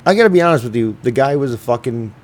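A relaxed male host chatting casually on his radio show, full of "uh" and "like" and the odd curse. His voice sits mid-range, with a faint hiss behind it. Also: medium pitch, fast talker. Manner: rambling, laid-back, swearing, many fillers. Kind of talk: casual chat.

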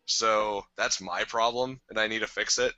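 A man's voice: lowish voice, steady tone, moderate pace, sharp tone, no echo. A man co-hosting a podcast in casual chat, rambling with lots of "like" and easy laughs. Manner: rambling, filler-heavy, laughs easily. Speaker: podcast co-host. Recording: dry lo-fi sound.

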